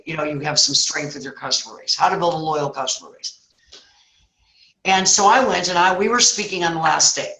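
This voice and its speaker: A woman's voice: sits low, vocal fry. A woman, a guest speaker, telling a story in casual chat and acting out voices. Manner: animated, acts out voices. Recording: echoey room.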